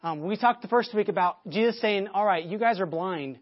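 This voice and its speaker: In a dull-sounding recording, a male pastor preaches, telling a family anecdote with frequent restarts and repetitions. He speaks a little fast with a voice that sits high, and he gets loud whenever he mimics someone shouting.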